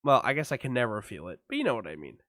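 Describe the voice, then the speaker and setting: A man's voice: mid-range voice, rapid-fire, no echo, studio quality. A man co-hosting a podcast, telling a story with lots of swearing and acted-out voices. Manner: animated storytelling, acts out voices, swears a lot. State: numb mouth after dental work. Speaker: podcast co-host. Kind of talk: casual chat.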